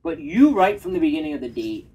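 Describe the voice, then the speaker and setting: A man talking in a relaxed, reflective way, co-hosting a casual conversation about dating. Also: on the high side, fast talker, breathy edge, rough recording.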